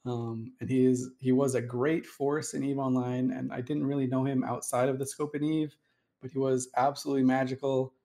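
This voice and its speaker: A man's voice: mid-range voice, little pitch movement, moderate pace, warm tone. A man hosting a casual chat, telling a long story in a chatty, digressive way. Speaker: host.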